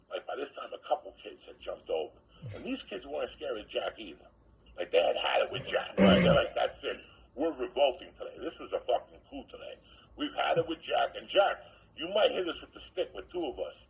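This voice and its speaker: A man with a deeply gravelly, fry-heavy voice tells a profane comic story. His delivery swings widely up and down as he acts out other people's lines, with faint noise underneath. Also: big pitch swings, a little fast, poor audio. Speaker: comedian telling a story.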